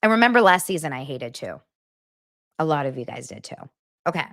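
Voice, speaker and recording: A woman's voice: low-pitched, sing-song, brisk, creaky, fairly bright tone, no echo, studio quality. A woman hosting a podcast, recapping reality TV in a blunt, sarcastic, casual way. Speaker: podcast host.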